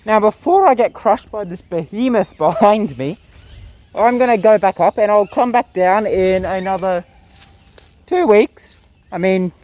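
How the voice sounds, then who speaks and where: A young man with a high, somewhat mellow voice chats casually in a gardening vlog, laughing often between phrases. He's a vlogger filming outdoors in the bush by a creek, and the audio quality is poor.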